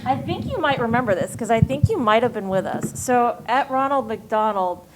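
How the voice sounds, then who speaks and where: Woman panelist, animated storyteller, slightly high-pitched, faint background noise. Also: normal speed. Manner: animated storyteller, acts out voices. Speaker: costume volunteer panelist. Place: convention panel room.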